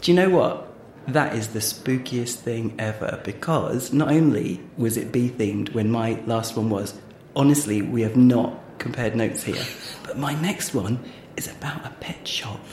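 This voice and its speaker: A man's voice: medium pitch, measured pace, a little mellow. A man co-hosting a podcast, telling long jokes theatrically and laughing along. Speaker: podcast co-host. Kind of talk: playful comedy sketch and joke telling. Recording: roomy sound with faint noise.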